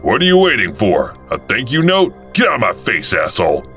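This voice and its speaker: A gruff robber boss with a gun and no patience, as a deep-voiced man puts him on. He talks slowly and bluntly, every word a threat, over faint background music in an animated story. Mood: menacing. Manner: menacing, slow and blunt.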